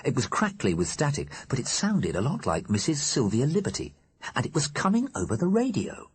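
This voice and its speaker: Husky male audiobook narrator. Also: medium pitch, huge pitch swings, a little fast. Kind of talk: scripted narration.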